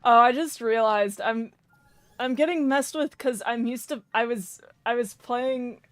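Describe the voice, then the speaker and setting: A woman's voice: fairly high pitch, dry recording. A young woman giving casual, rambling commentary while streaming a game, swearing and laughing often.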